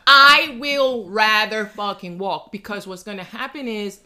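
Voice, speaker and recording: A woman's voice: mid-range voice, a little slow, clear, resonant tone. A young woman with a New York accent, telling stories in a casual chat, cursing freely and with emphasis. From New York City. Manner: profane, emphatic, animated storyteller. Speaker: podcast host.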